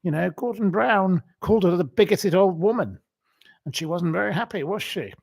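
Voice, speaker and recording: A man's voice: high voice, lively intonation, normal speed, gravelly, a little mellow, husky, no room sound. Rambling, chatty English man on a dry mic. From England. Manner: chatty, digressive, many ums and restarts. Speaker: livestream host. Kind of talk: rambling casual livestream chat.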